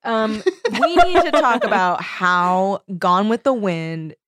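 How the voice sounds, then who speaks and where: A woman's voice: medium pitch, sing-song, takes it slowly, a loud crowd. A woman co-hosting a book podcast, chatting casually and laughing often. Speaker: podcast co-host. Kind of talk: casual chat.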